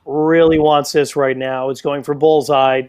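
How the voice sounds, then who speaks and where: Male darts play-by-play caller, slightly raised pitch, excitable, jokey, self-deprecating. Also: unhurried, noisy background. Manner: excitable, playful, self-mocking asides. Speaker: darts commentator. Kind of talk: live sports play-by-play commentary.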